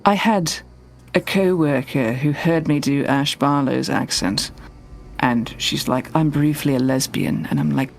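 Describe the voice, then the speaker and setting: A woman co-hosting a podcast, chatting playfully and teasing in quick bursts. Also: rumbling low, creaky. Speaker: podcast co-host. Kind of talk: casual chat.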